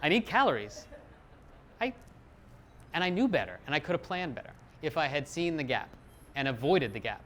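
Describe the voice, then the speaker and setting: A middle-aged man speaks to a live audience in a slightly high voice, lively and self-mocking. He acts out quoted lines as he goes. A faint hiss sits under the recording. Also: brisk. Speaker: psychologist giving a talk.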